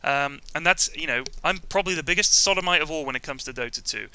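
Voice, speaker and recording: A man's voice: on the high side, quick pace, sharp tone. A man vlogging casually about a video game, profane and self-mocking, rambling through jokes. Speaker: gaming vlogger.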